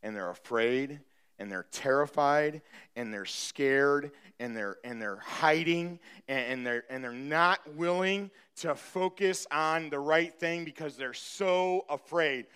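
A man with a high, smooth and resonant voice preaches a sermon from the pulpit. He moves from easy, joking asides to rising, emphatic declarations, with an animated, conversational pulpit manner. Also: a little slow. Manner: conversational with self-deprecating humor. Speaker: pastor.

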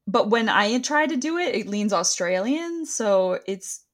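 A woman co-hosting a podcast in casual chat, lively and giggly, who slips into other people's voices when she quotes them. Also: medium pitch, unhurried. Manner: lively, chatty, giggly, mimics accents when quoting. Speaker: podcast co-host. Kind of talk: casual chat recapping a reality show.

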